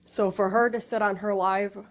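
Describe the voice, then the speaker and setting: A woman's voice: mid-range voice, fairly even intonation, normal speed, poor audio. A woman in a casual livestream chat, firmly setting out her side of things.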